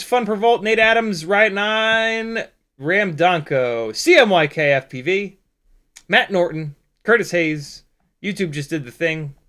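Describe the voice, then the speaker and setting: A man's voice: on the high side, vocal fry, fairly bright tone. A man hosting a casual live stream, rambling and jokey, swearing freely and stumbling over his words.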